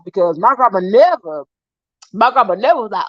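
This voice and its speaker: A young adult woman casually telling stories to her viewers in an animated, profane, laughing way. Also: fast talker, no room sound. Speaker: vlogger. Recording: dull, dry low-fi sound.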